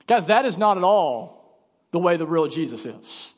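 A man's voice: a little high, big pitch swings, moderate pace, husky, big-room sound. A male pastor delivering a sermon in an emphatic, conversational way, speaking in a church sanctuary.

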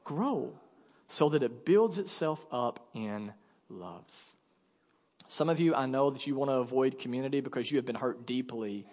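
Man in his thirties, pastor, animated sermon storytelling, reverberant church hall. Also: medium pitch, normal speed. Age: 30s. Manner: animated, acts out quotes, jokes with congregation. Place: church sanctuary.

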